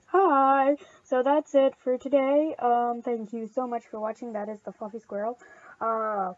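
A woman hosting a casual gameplay video. She rambles, gushes and gets excitable while thanking friends for gifts. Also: fairly high pitch, a little slow, no echo, lo-fi sound. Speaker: channel host.

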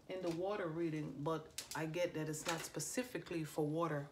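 Low-voiced lady doing psychic readings, rambly and cussing, faint hum behind. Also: fairly even intonation, normal speed. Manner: loose and stream-of-consciousness, swears freely. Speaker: psychic medium. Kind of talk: casual spiritual channeling talk.

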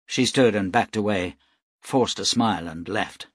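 A man narrating an audiobook in a steady, even storytelling manner. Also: fairly low pitch, unhurried, slightly rough, no echo, studio quality. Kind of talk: scripted narration.

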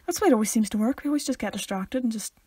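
A woman's voice: fairly high pitch, very fast, a little mellow, no echo. A young woman with a Northern Irish accent, co-hosting a casual podcast, chatty and laughing often as she talks over her sister. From Northern Ireland. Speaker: podcast co-host. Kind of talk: casual chat.

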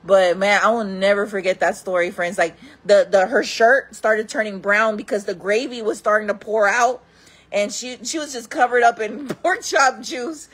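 A woman's voice: fairly high pitch, moderate pace. Laughing woman telling jail stories. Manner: laughs often and calls viewers friends; acts out quoted people in loud raised voices. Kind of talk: casual storytelling to viewers.

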